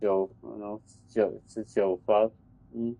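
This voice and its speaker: A man's voice: on the low side, level tone, unhurried, gravelly, dark tone, rough recording. A man, a telecom engineer, rambling and swearing in casual chat about his work.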